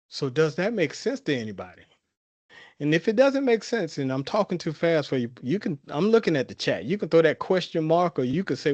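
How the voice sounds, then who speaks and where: A man's voice: on the high side, no echo. A man from the Carolinas with a Southern twang, giving a folksy, conversational presentation as a guest speaker. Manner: folksy, repetitive, informal grammar.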